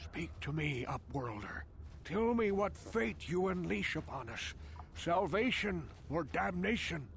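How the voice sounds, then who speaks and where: A man's voice: on the high side, big pitch swings, a little slow, gravelly, a bit bright, a little hiss or hum, exaggerated voice. An actor playing a hundred-year-old male outcast elder in a video game, speaking in a solemn, theatrical, questioning way. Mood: pleading. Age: older. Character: ancient wise male outcast elder, grandly pleading.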